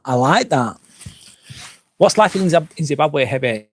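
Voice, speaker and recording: A man from England, a little drunk, hosts a casual live stream by a fire pit at a glamping site, reading viewer comments and ranting profanely and aimlessly. His medium-pitched voice is expressive and measured, with frequent pauses and no echo.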